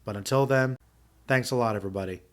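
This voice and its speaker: A podcast host in his thirties gives a casual spoken review, thinking aloud in a loose, rambling way. He restarts sentences and fills pauses with "uh" as he reflects, speaking quickly in an ordinary middle pitch.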